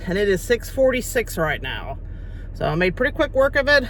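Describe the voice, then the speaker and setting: A woman's voice: medium pitch, big pitch swings, brisk, slight background noise. A woman with a Texan accent talking casually to the camera outdoors on a ranch, chatty and laughing easily. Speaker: hunter vlogger. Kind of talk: casual vlog talk to camera.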